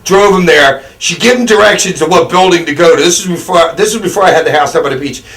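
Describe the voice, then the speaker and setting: A man's voice: sits high, fast, fairly bright tone. A man telling a rambling, profane story with lots of laughter in a casual interview.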